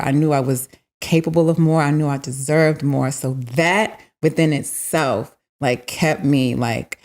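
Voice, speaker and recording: A woman guest on a podcast, talking candidly and emphatically about a painful time, repeating phrases and filling pauses with "um" and "like.". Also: low-pitched, fairly even intonation, a little mellow. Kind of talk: candid conversational storytelling.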